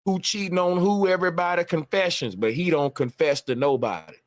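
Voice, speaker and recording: A man's voice: high voice, a little fast. A man on a livestream, ranting emphatically with a lot of profanity and repetition. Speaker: live streamer. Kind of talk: casual livestream rant.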